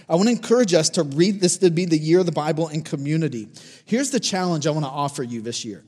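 A man's voice: on the high side, a little mellow. A man in his forties preaching a sermon as a pastor, conversational and encouraging, repeating his challenges to the congregation. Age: 40s.

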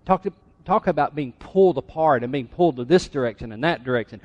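A man's voice: fairly high pitch, sing-song, fast talker, few pauses, darkish tone. A middle-aged male pastor preaching a sermon in a church, conversational and teasing the congregation. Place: church sanctuary.

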